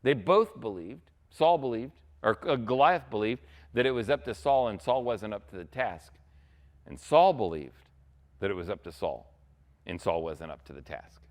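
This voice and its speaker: A man's voice: on the low side, expressive, moderate pace. A man preaching a sermon as a pastor, in a casual, conversational way, often checking in with "right?".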